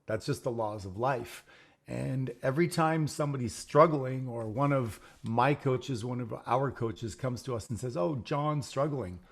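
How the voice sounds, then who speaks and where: A man's voice: mid-range voice, normal speed. A man hosting a casual conversation, telling personal stories and acting out the quoted exchanges. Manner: storytelling, acts out quoted exchanges. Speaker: program founder and host.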